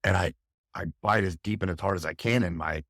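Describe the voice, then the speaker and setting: A middle-aged fire captain, appearing as a podcast guest, recounts a harrowing experience in an intense, candid interview, often restarting his phrases. His voice is low-pitched and fairly bright, he speaks briskly, and the recording is dry, clean studio sound.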